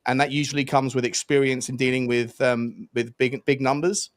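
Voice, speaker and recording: A man on a casual football podcast panel, building his opinion slowly through halting restarts and fillers. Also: medium pitch, little pitch movement, no echo.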